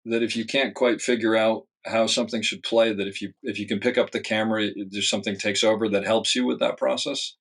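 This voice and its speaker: A man's voice: fairly low pitch, steady tone, fairly quick, gravelly, hardly any pauses, a bit bright. Male podcast host asking questions. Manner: short affirming replies, curious questions. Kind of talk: casual podcast interview.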